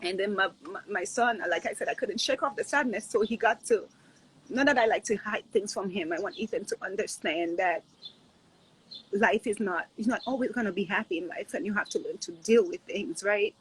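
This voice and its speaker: A husky-voiced woman in her thirties speaks in a casual, heartfelt way as a guest. She is earnest and reflective, repeats her points, and checks in with "right?". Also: mid-range voice, a little fast, rough recording. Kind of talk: casual heartfelt chat on a live stream.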